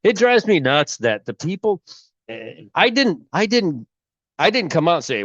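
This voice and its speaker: A man hosting a casual religious commentary video, rambling and halting, with a cold and a sore throat. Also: high voice, very animated, fairly bright tone, no room sound, lo-fi sound. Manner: rambling, halting, many restarts. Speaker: YouTube host.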